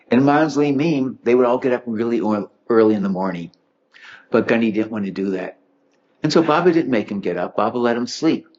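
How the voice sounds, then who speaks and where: Male speaker, low voice, witty anecdotal talk, muffled lo-fi recording. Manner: witty, chuckling storyteller acting out quotes. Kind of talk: humorous anecdotal storytelling talk. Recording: dull lo-fi recording.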